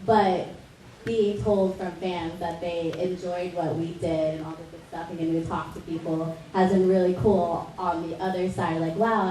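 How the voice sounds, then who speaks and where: Voice actor panelist, woman, mellow, chatty and upbeat, roomy distant convention-hall sound. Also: lowish voice, slight background noise. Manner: upbeat, lots of "like" fillers. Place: large convention hall, far from mic. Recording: echoey hall from far off.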